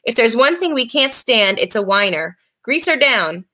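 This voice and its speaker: A woman's voice: on the high side, animated, normal speed, bright, forceful tone, husky, exaggerated voice. A woman reading a novel aloud, voicing a fussy, flamboyant male beautician in an affected, preening lilt. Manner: affected, preening lilt with sentence ends rising.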